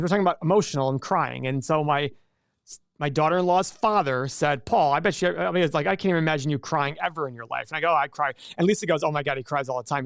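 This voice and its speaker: This livestream host runs a casual investing stream, chatting, joking with viewers, and often cutting himself off to restart sentences. He has a fairly high-pitched voice. The audio is studio quality with no echo.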